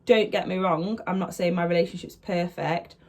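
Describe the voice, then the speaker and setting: A woman's voice: on the low side, normal speed. A young woman telling a personal story to camera in a casual, chatty way. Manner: chatty, animated retelling with acted-out quotes. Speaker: vlogger.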